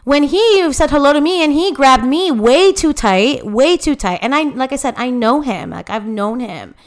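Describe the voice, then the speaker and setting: A woman's voice: sits high, lively intonation, normal speed. A young woman, co-host of a casual chat podcast, animatedly retelling a story with lots of fillers and quoted voices.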